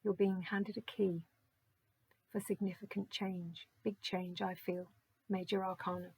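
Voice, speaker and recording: Lady doing a calm oracle card reading, soft husky voice, thinks out loud as she goes. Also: mid-range voice, poor audio. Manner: gentle, musing, reads card texts aloud slowly.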